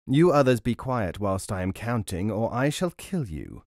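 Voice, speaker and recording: A man voicing a murderous robber who speaks low, slow and menacing in a storybook reading. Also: sing-song, darkish tone, no echo, studio quality.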